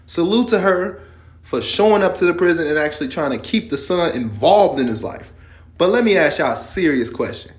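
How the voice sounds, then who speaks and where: A man's voice: on the high side, expressive, a little fast. A man hosting and commenting casually, firing incredulous questions straight at his audience. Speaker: host and commentator.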